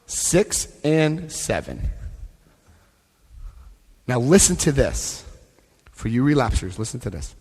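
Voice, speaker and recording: A man giving a lively, joking talk to an AA convention crowd, often acting out other people's voices. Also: on the high side. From United States. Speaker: AA convention speaker. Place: large convention hall. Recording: live hall recording with long reverb.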